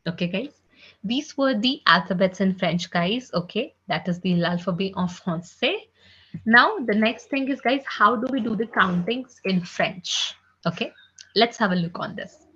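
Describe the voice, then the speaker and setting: A woman teaches an online French lesson at a very unhurried pace, repeating each sound over and over. She checks in with "okay?" after nearly every line. Her voice comes through a laptop call, a little dull and muffled. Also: medium pitch, lively intonation, a bit bright, slightly rough. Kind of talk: slow spelled-out pronunciation lesson. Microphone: computer mic on a video call. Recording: slightly dull, muffled online class audio.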